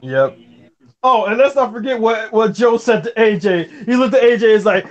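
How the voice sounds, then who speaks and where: A young man co-hosting a casual wrestling chat, retelling the segment in animated detail. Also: sits high, moderate pace. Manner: animated storyteller, acts out quotes. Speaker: podcast co-host.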